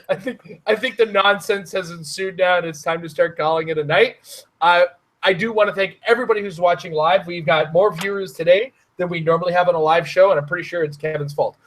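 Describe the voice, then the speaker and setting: High-voiced man hosting a jokey live stream. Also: brisk, fairly bright tone. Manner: jokey, laughs often between remarks. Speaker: host of a live-streamed gaming round table. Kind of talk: casual group chat on a live stream.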